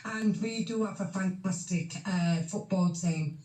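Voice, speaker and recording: Woman on voice chat, blunt and sweary, mellow tone, echoey room. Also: mid-range voice, measured pace. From Yorkshire, England. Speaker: voice chat participant. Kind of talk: heated casual chat.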